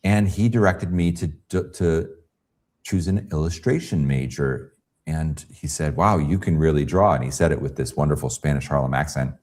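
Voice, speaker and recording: Very deep-voiced man telling stories. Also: moderate pace. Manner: animated storyteller who acts out quoted voices. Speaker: guest pastel artist. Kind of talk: casual interview storytelling.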